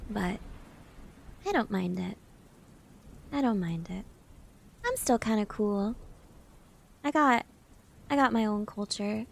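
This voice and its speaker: A young woman chats casually on a live stream, answering her viewers one message at a time. She talks at an unhurried, drawn-out pace with a slightly high voice. A gravelly vocal fry runs through her speech. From Southern United States. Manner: chatty, reads out and answers chat. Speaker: VTuber streamer.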